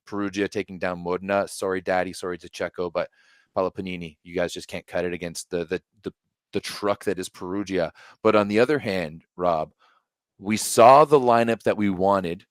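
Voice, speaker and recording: Male podcast co-host, fairly low voice, dry sound, rambling, jokey and profane. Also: steady tone, moderate pace, no echo. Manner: rambling, restarts often, joking and profane. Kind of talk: casual sports podcast chat.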